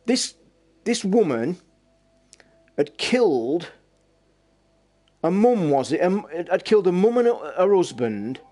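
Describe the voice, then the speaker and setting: Casting: man with an East Midlands Derbyshire accent, fairly high voice, loose sweary storyteller hosting a chatty live stream. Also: darkish tone. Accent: East Midlands English (Derbyshire). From Derbyshire, England. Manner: sweary, rambling storyteller who laughs a lot. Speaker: livestream host. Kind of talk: casual chat with stream viewers.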